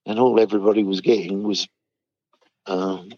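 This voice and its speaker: A man's voice: fairly low pitch, level tone, normal speed, dark tone, no room sound. An older man, casually telling army stories and often chuckling. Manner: chuckles often, acts out quoted voices. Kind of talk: casual storytelling chat. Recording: dull dry recording.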